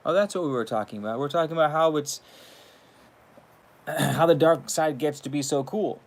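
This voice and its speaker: A male host talks in a loose, rambling monologue, swearing often and laughing between his points. His voice sits a little higher than the typical man's. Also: moderate pace. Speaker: channel host.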